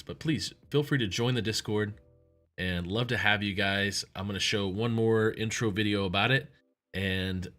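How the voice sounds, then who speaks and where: A man's voice: lowish voice, sharp tone. A man hosting a livestream show, talking in a rambling, chatty way and often correcting himself. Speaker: livestream host. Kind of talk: casual livestream talk.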